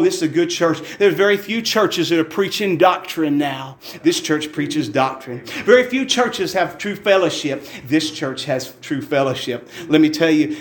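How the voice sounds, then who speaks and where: A man's voice: on the high side, echoey room. A man preaching a fervent, folksy testimony sermon in a church, repeating his phrases for emphasis.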